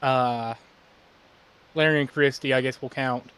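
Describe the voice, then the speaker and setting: A man's voice: medium pitch, steady tone, a little slow, clean tone. A young man chatting casually as a podcast co-host, mild and disclaiming. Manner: mild, disclaiming, gives shout-outs. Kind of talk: casual chat.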